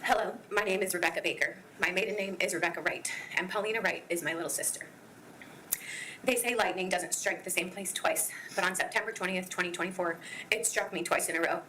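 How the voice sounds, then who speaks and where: A woman giving a victim impact statement in court, reading her prepared statement in an earnest, measured way. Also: lowish voice, pushed and bright, a little hiss or hum, rough recording.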